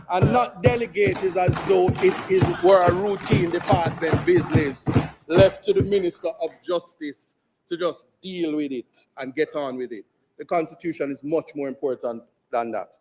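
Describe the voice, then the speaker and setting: A Jamaican man, an opposition member of parliament, making a forceful, rhetorical speech in the chamber and repeating lines for emphasis. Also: on the high side.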